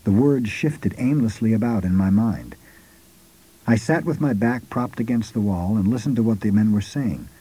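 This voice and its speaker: Brief: male narrator, measured scripted storytelling, deep mellow husky voice. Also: poor audio. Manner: measured, unhurried first-person storytelling.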